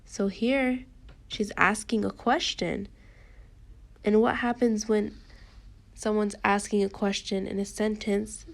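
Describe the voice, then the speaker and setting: A woman's voice: medium pitch, fairly even intonation, takes it slowly, creaky, long pauses. A woman teacher reading a picture book with a young child, patiently explaining each step.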